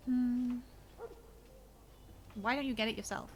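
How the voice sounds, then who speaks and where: A woman's voice: a little high, steady tone, slow pace. A woman streaming a video game, chatting casually and joking sarcastically at the screen. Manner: playful, giggly, sarcastic. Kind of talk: casual gameplay commentary.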